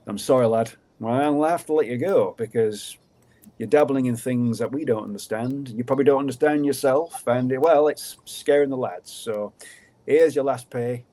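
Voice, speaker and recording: A man's voice: medium pitch, moderate pace, warm tone, lightly acted. A man voicing a blunt male farmer in a folk tale, speaking in a plain, matter-of-fact way. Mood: apologetic. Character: blunt older male farmer, gruff employer.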